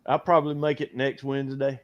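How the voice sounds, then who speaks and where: A man's voice: mid-range voice, little pitch movement, brisk, muffled recording. A man teasing his friends in a casual group chat over a video call, laughing often.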